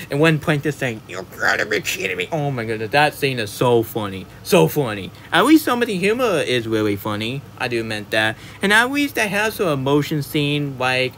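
A man rants about a movie in a loose, rambling way, stumbling and restarting his sentences as he talks. His voice sits at an ordinary middle pitch. A faint hiss of noise runs under the recording. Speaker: movie reviewer. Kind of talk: casual spoken movie rant.

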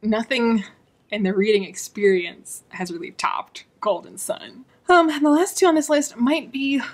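A woman's voice: on the high side, measured pace. A woman hosting a book channel, talking in a chatty, gushing way in a casual vlog.

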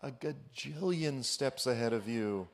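A man's voice: medium pitch, unhurried, vocal fry. A man voicing a smug, playfully teasing male deity in a breezy, taunting voice while joking in a sermon.

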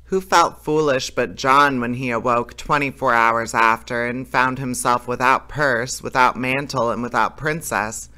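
Bright-voiced man reading a fairy tale. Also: medium pitch, steady tone, unhurried, hardly any pauses, smooth. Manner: plain unpolished reading with small slips and self-corrections. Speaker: storyteller reading aloud.

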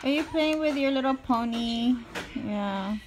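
A woman's voice: sits high, a little slow, over music. A young woman with a cough, casually vlogging at home on a phone, playful and teasing, dropping Spanish words into her talk. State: sick with a cough. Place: small apartment indoors.

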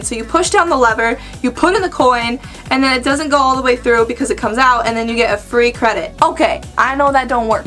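A woman arcade vlogger giving excited, playful reaction commentary, full of exclamations. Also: high voice. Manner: bubbly, exclamatory, playful voices.

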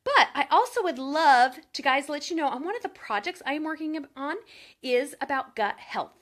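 A woman in her thirties vlogging in a casual chat to camera, telling stories in an animated way and saying "like" a lot. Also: high voice, normal speed. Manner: chatty, animated storytelling with lots of "like".

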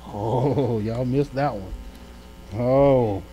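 A man pastor preaching a sermon in a colloquial, call-and-response manner, shifting between loud emphatic swells and quiet asides. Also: mid-range voice, animated, slow pace, breathy edge, poor audio. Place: church during a live-streamed Bible study.

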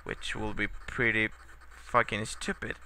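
A man's voice: fairly low pitch, little pitch movement, unhurried, bright, forceful tone, a little hiss or hum. A young man giving casual, sarcastic let's-play commentary, swearing often and muttering in frustration at the game.

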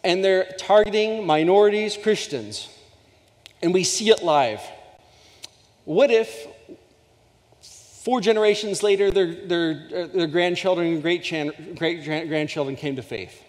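A man delivers a sermon in a church sanctuary, speaking with earnest passion and frequent restarts. His voice sits a little high for a man. The sound carries a long hall reverb. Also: a little slow. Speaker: guest speaker.

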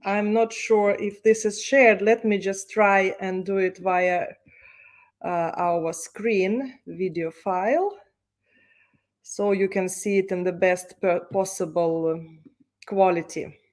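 A woman instructor giving an online lecture, explaining slowly with many hesitations. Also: medium pitch, steady tone, darkish tone.

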